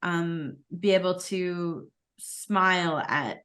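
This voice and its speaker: A woman's voice: lowish voice, takes it slowly, a bit bright. A woman co-hosting a podcast, chatting loosely with lots of fillers and trailing thoughts. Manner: loose and rambling, full of fillers like "you know" and "like". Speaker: podcast co-host. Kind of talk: casual chat.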